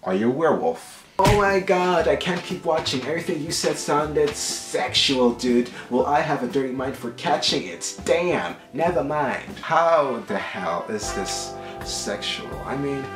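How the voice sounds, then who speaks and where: A man's voice: medium pitch, unhurried, roomy sound, over music. A young man hosting a comedy vlog, reading viewer comments aloud in a sassy, exaggerated manner. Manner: animated, swings between voices, sassy and exaggerated.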